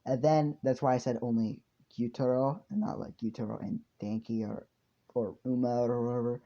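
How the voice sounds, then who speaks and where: A man's voice: medium pitch, fairly even intonation, moderate pace, warm tone. A man telling a fan story casually, rambling and swearing with lots of fillers. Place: hot room indoors. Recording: dull lo-fi home recording.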